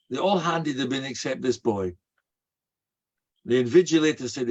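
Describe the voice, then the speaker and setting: A man's voice: mid-range voice, animated, moderate pace, breathy edge. A man, a rabbi, delivering a sermon full of stories, a folksy storyteller who weaves in Hebrew and Yiddish terms. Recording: dull, muffled lo-fi recording.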